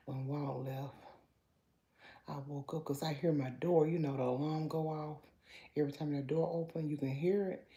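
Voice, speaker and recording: A woman hosting a casual morning livestream from home, greeting viewers by name and chatting with some sass, now and then dropping to a low voice. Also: moderate pace, warm tone. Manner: talks low at times so as not to wake the house. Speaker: livestream host.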